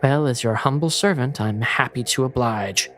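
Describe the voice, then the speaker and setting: A man's voice: medium pitch, moderate pace, soft background music, close to an everyday voice. Creepy groveling male servant, oily and servile, read by a man. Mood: leering. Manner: oily, servile, turns menacing. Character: fawning, sinister male servant of a vampire.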